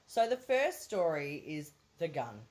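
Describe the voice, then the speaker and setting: A woman's voice: low-pitched, very animated, unhurried, darkish tone. A woman co-hosting a movie review podcast, recapping a film in casual chat, swearing freely and laughing often. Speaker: podcast co-host.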